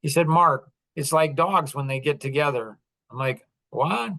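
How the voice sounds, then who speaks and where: A middle-aged man with a somewhat high voice tells a story on his podcast. He talks in a loose, conversational way, full of asides and restarts. He comes across as earnest and a bit apologetic. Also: steady tone, moderate pace, fairly bright tone. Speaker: podcast host. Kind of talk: casual storytelling monologue.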